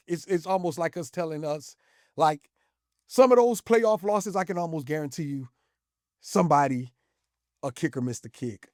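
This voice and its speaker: A man with a fairly high voice calmly pushes back in a sports argument, in a steady and measured way. His voice sounds dry and close, with no room echo. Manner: measured, repeats "it is what it is". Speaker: co-host. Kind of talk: sports debate.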